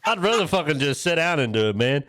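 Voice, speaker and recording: A man's voice: fairly high pitch, quick pace, dry recording, studio quality. A man co-hosting a podcast, telling crude stories in casual chat and pushing his point by repeating himself. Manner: profane, animated storyteller, keeps saying listen. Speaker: podcast co-host.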